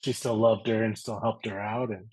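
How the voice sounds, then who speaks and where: A man chatting as a guest on a podcast, relaxed and full of fillers like "like" and "you know". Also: lowish voice, moderate pace, husky, no echo, low-quality recording. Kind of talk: casual chat.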